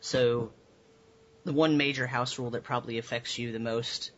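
Man, dungeon master, casual tabletop talk, relaxed rule explaining, faint background noise. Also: medium pitch, normal speed, lo-fi sound. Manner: relaxed, explaining rules with fillers.

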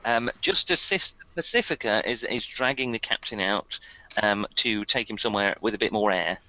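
A man's voice: fairly low pitch, normal speed, pushed and bright, rough recording. A man narrating as game master of a tabletop game, hesitant and full of ums.

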